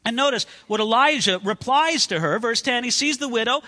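High bright-voiced guy preaching, really animated, big echoey hall. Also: fairly quick. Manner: animated, acts out quoted voices. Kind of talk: sermon.

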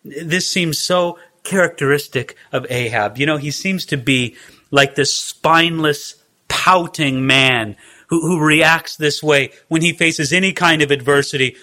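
Man teaching scripture, bright tone, fairly high voice, chatty with wry asides. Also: normal speed. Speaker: Bible teacher. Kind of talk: Bible study teaching.

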